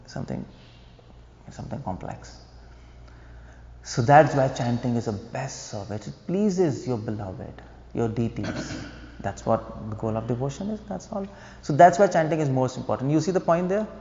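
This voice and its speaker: A preacher with a mellow, medium-pitched voice and vocal fry lectures devotionally in a temple hall, with a little hiss or hum in the background. Explaining his points, he asks listeners rhetorical questions and chuckles at his own jokes. The hall is echoey and the sound is dull and lo-fi.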